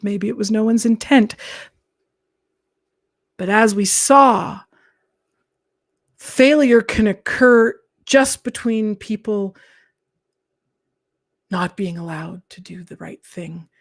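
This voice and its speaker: A woman live streaming, talking in a calm, earnest, reflective way and sometimes dropping into soft whispered asides. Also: mid-range voice, slow, vocal fry, pauses often, no echo, clean studio sound. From Canada.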